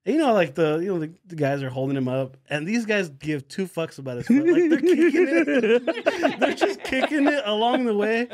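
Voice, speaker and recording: A man in casual podcast chat, telling an animated, profanity-heavy story with acted-out quotes. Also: high-pitched, moderate pace. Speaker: podcast guest.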